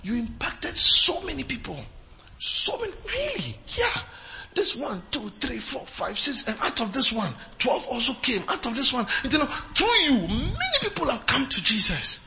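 Animated preacher, bright voice. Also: male voice, normal speed, lo-fi sound. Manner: animated preaching that swings from shouted exclamations to low, quiet asides. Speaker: pastor. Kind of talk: sermon.

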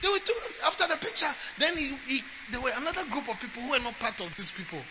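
A man preaching a sermon as a bishop, building from talk into emphatic shouts. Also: very high-pitched, quick pace. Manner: emphatic preaching, rising to shouts and acting out quotes. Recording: lo-fi with steady background noise.

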